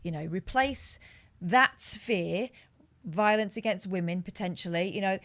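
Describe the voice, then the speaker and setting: A woman, a guest on a chat show, talking in a measured and earnest way. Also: mid-range voice, a bit bright. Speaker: guest co-host.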